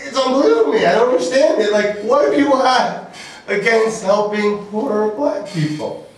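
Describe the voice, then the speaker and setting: Rambling male stand-up with a high voice. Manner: rambling, halting, with many fillers. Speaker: stand-up comic. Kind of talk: stand-up set. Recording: echoey room from far off.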